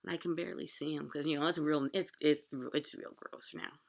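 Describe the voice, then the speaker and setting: A woman telling a personal story from her own life, moving between hushed whispers and loud, pleading outbursts. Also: deep voice, little pitch movement, a little fast, gravelly.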